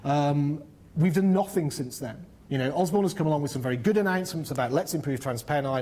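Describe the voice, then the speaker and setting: At a panel on business and infrastructure, a middle-aged northern English man talks fast in a slightly high voice with a dark tone. His explanations come fluently, though full of ums and false starts.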